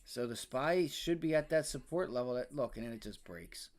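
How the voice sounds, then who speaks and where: A young man hosting a live day-trading stream, ranting and swearing about the market, swinging between loud outbursts and low muttering. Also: animated, normal speed. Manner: frustrated, profane, ranting about price action. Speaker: day trading livestream host.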